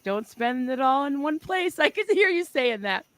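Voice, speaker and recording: A woman's voice: high voice, animated, moderate pace, no room sound. A woman co-hosting a casual livestream, bubbly and laughing often as she reads chat messages aloud. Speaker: co-host.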